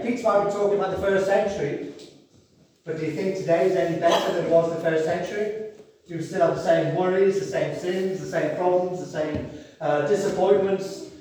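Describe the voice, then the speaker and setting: A man's voice: high-pitched, moderate pace, darkish tone, a little hiss or hum. A man preaching a sermon in a church, earnest and rousing, reading scripture aloud. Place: church hall. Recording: echoey church hall from far off.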